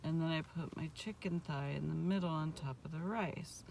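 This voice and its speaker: A woman's voice: sits low, moderate pace, gravelly, darkish tone, slight background noise, poor audio. A middle-aged woman vlogging a casual food review in a restaurant, chatty and rambling with lots of fillers.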